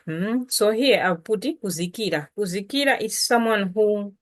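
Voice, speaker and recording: A middle-aged woman, teaching words in a relaxed, chatty lesson. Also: medium pitch. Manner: relaxed, chatty, slow after lunch. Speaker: language teacher. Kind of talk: casual language lesson.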